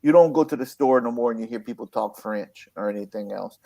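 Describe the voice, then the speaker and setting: A man's voice: mid-range voice, brisk, gravelly, dark tone, muffled recording. Older male host, rambling casual chat with lots of laughs. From Louisiana. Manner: rambling, repeats himself, laughs often.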